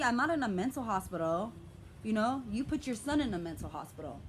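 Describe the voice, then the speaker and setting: A woman's voice: on the high side, expressive, brisk, slight background noise. Passionate, profane young woman venting. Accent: American urban vernacular. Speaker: vlogger. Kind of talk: emotional vlog rant.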